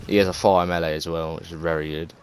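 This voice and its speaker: A man's voice: sits low, steady tone, fast, smooth. An English man giving casual, rambling gameplay commentary, full of fillers, restarts and swearing. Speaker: gaming video creator.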